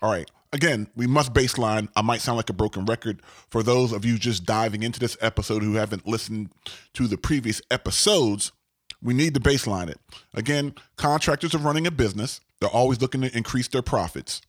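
A man's voice: medium pitch, brisk, no room sound, clean studio sound. A man hosting a podcast in a casual monologue, emphatic and repetitive, often checking in with "all right?". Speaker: podcast host.

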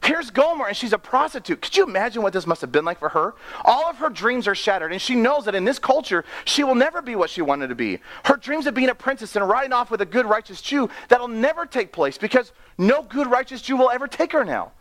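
A man preaching an animated sermon, often laughing and acting out the people in his story. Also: very high-pitched, fairly quick, few pauses. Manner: excitable, laughs often, acts out characters.

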